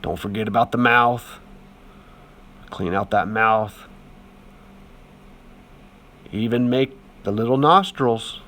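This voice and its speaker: A man's voice: medium pitch, takes it slowly, pauses often, pushed and bright. A man talking casually over a demonstration as an art teacher, chatty and encouraging, with lots of fillers.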